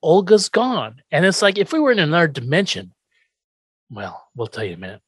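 Animated, profane man recapping a show. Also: a little high, a little fast, breathy edge, dry recording, clean studio sound. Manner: animated, profane, acts out characters' lines. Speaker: podcast co-host. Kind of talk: casual recap chat.

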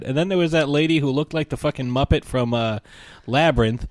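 A man's voice: mid-range voice, fast, no room sound. A man co-hosting a podcast, ranting in a casual, irreverent and profane way. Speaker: podcast co-host.

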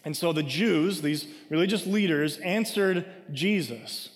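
A man with a high-pitched voice gives a sermon in a casual, conversational way. He reads scripture aloud and then explains it, often asking "right?" His voice rings with a long hall echo. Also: a little slow. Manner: conversational, frequent "right?" asides. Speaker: preacher.

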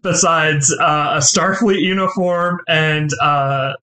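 A man's voice: on the high side, slow pace, pushed and bright. A man co-hosting a podcast, joking playfully and swearing casually. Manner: playful, profane, jokey. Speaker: podcast co-host. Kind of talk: casual chat.

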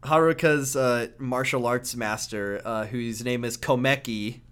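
A man in casual chat recapping a video game, lively and acting out character lines as he goes. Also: medium pitch, unhurried, clear, resonant tone. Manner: animated, acts out character lines.

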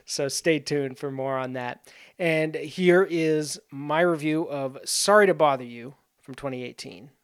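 A man's voice: a little high, unhurried, clear, resonant tone. Casual man hosting a podcast. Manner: conversational, loose, with frequent "like" and "uh". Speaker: podcast host. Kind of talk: casual spoken film review.

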